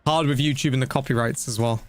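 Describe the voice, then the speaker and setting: A man chatting casually while streaming a game, rambling and breaking into quick exclamations. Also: mid-range voice, fairly even intonation, no room sound, soft background music. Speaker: gaming streamer. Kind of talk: casual live-stream commentary.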